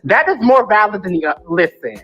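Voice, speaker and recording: A woman raised in the northern United States, chatting casually on a podcast, animated, laughing often and repeating herself as she talks. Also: medium pitch, fairly quick, breathy edge, rough recording. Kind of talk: casual chat.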